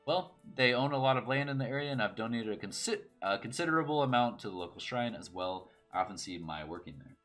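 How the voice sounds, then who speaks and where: A man's voice: mid-range voice, expressive, fast, few pauses, fairly bright tone, soft background music, close to an everyday voice. A man voicing a chatty, self-important station attendant in a game. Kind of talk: reading game dialogue aloud.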